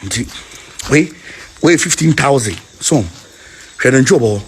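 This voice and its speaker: A man with a Ghanaian accent, preaching in an excited chanting call-and-response style, repeating his phrases over and over. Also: medium pitch, slow pace, slight background noise. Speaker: self-styled spiritual leader.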